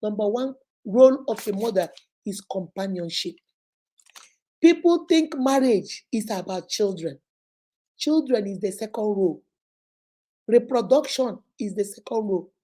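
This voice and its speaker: A woman's voice: mid-range voice, animated, measured pace, pauses often, mellow, rough recording. A woman from Nigeria with a Nigerian accent, a schoolteacher giving a motivational talk to mothers, using emphatic, repetitive exhortation mixed with storytelling asides.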